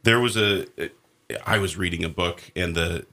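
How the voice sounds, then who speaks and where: A man's voice: low voice, moderate pace, bright, forceful tone. A man hosting a conversation who asks questions and talks hesitantly, often restarting his sentences. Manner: hesitant, many restarts while asking questions. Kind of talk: casual chat.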